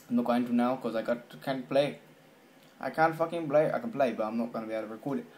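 A man's voice: mid-range voice, a little mellow, a little hiss or hum. A man vlogging in a loose, rambling way, swearing constantly as he talks to his viewers. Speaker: gaming channel vlogger. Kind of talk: rambling casual vlog.

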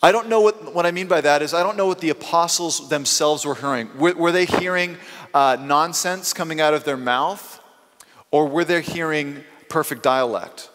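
A male pastor preaching a sermon, telling stories with lively swings between loud bursts and quiet asides. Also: fairly high pitch. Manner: animated storytelling with quick swings in loudness. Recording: long hall reverb.

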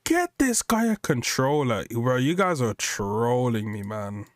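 A man's voice: mid-range voice, very animated, a little slow, no echo, clean studio sound. A young man reacting to a video on stream, joking and mocking himself in casual banter.

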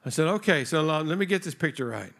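A guest preacher with a fairly high, creaky, slightly bright voice talks fast and animatedly from a church stage. Before the congregation he preaches conversationally, narrating a story and playing its voices.

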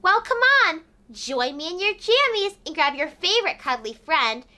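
A woman's voice: very high voice, big pitch swings, normal speed, sharp tone. A woman hosting a children's read-aloud, narrating a bedtime story in a cheerful, singsong way. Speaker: storyteller host.

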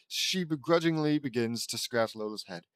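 A man's voice: mid-range voice, normal speed, no room sound. A man reading a fan fiction story aloud, stumbling over words and breaking off for joking asides. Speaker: audiobook reader.

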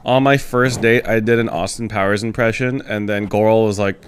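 A man's voice: lowish voice, fairly even intonation, fairly quick, clear, resonant tone, no room sound. A young man reacting to a video on his stream, rambling and bemused as he talks to his chat. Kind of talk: casual stream commentary.

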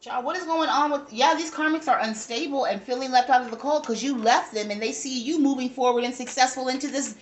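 A woman's voice: high voice, brisk, hardly any pauses. Blunt, profane woman reading tarot. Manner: blunt, profane, rambling, talks straight to viewers. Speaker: tarot reader. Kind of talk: casual tarot reading monologue.

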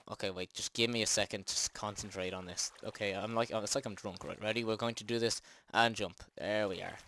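A man's voice: on the low side, fairly bright tone, slight background noise. A man hosting a let's play, chatting and joking at himself with jumpy exclamations. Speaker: gaming channel host. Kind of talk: let's play game commentary.

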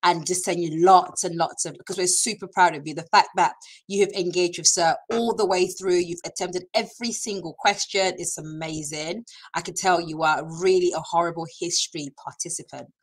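A woman's voice: on the low side, steady tone, normal speed, husky, low-quality recording. A woman, chatty and encouraging, hosting an online school session from a computer mic. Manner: chatty, encouraging, many fillers. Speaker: school staff presenter.

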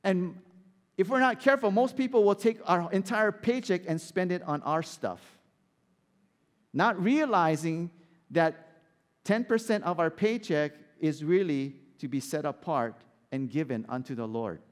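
A man preaching a sermon as pastor, animated and asking the congregation rhetorical questions. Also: high-pitched, unhurried, in a large hall.

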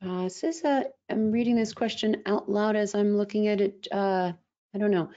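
A woman's voice: medium pitch, steady tone, normal speed, warm tone, dull audio. A woman co-hosting a casual Q&A who reads viewer questions aloud and laughs easily. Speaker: coach and co-host reading viewer questions.

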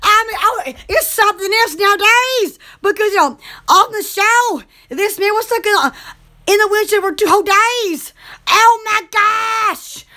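A woman hosting a rambling, casual live chat with viewers, gushing with excited exclamations. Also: very high voice, measured pace. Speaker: live-stream host chatting with viewers.

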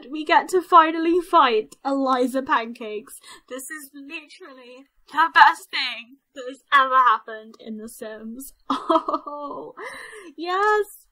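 A young woman doing excitable let's play commentary, squealing and shouting at what happens in the game. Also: high-pitched, takes it slowly, poor audio. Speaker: gaming channel host.

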